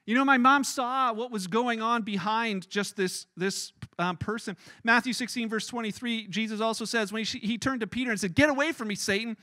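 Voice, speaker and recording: A man preaching in an animated, conversational way, acting out scenes as he goes. His voice is high and bright, and it sounds close and dry with almost no room echo. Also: normal speed, hardly any pauses. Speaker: pastor. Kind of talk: sermon. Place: church.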